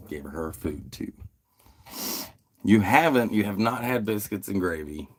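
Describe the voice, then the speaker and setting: A man's voice: sits low, big pitch swings, slow pace. A laid-back man from the United States hosting a casual livestream, chatting with viewers, swearing freely and giggling as he talks. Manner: laid-back, profane, giggly, reads chat aloud. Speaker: livestream host.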